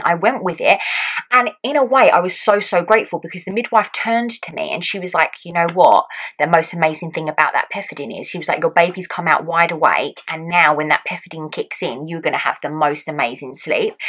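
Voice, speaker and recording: A woman's voice: fairly low pitch, fairly bright tone, low-quality recording. A young woman telling a personal story in casual vlog style, chatty and acting out what people said. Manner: chatty, acts out quotes, frequent "like". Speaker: vlogger.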